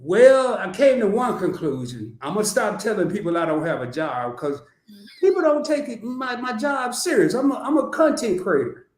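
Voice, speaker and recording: Animated Southern man with a high voice. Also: normal speed, roomy sound. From Arkansas. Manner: animated, lively storytelling with repeated restarts. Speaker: podcast host. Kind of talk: casual live-stream chat.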